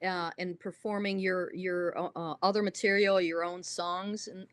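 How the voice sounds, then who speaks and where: A woman's voice: lowish voice, little pitch movement, moderate pace. A woman hosting a casual music interview who keeps up frequent short affirmations. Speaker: talk show host.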